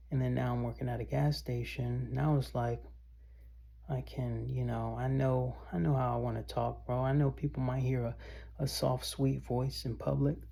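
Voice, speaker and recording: Deep, gravelly man rambling to camera. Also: dark tone. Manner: loose and meandering, often says "bro" and "y'all". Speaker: vlogger. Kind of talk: casual rambling monologue to camera.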